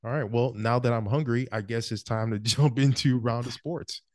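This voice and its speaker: A man's voice: mid-range voice, fairly even intonation, normal speed, heavy background noise. A man co-hosting a sports podcast in casual chat, teasing and laughing often. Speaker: podcast co-host.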